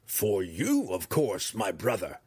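A man voicing a cunning female drow high priestess who shifts from false sweetness to cold command, raised in pitch. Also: wildly swooping pitch, slow, a bit bright, slightly rough, no room sound, heavily acted. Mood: coaxing. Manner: falsely sweet, then imperious.

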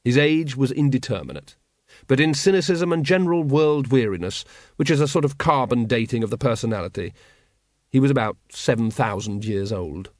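A male narrator reading fiction aloud with a wry, measured delivery. His voice is lively in pitch and sounds close and dry, with no room around it. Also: dry recording. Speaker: audiobook narrator. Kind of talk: scripted narration.

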